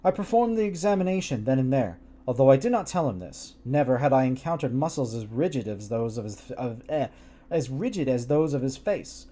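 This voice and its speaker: A man reading a gothic story aloud on a live stream, breaking off for animated, joking asides. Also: medium pitch, fairly quick.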